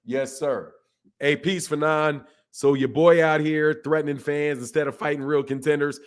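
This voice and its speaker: A man's voice: a little high, steady tone, moderate pace, smooth. A man hosting a casual boxing talk stream, talking loosely, repeating himself and greeting viewers by name. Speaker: boxing channel host. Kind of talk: casual live-stream chat.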